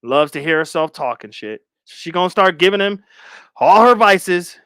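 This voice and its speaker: A man giving casual reaction commentary as a stream host. He is blunt, joking and profane. His voice runs a little high, and the sound is dry and close. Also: expressive, normal speed, fairly bright tone, clear, resonant tone, no room sound.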